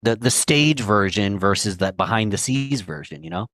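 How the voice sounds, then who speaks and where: A podcast host with a lowish voice muses in loose, casual phrases before steering the chat onward. The sound is dry and close. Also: male voice, lively intonation, normal speed, a bit bright, no room sound.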